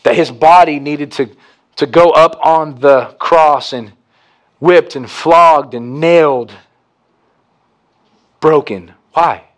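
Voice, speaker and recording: A pastor preaching a communion sermon, swinging from hushed to emphatic. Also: male voice, fairly high pitch, slow, long pauses.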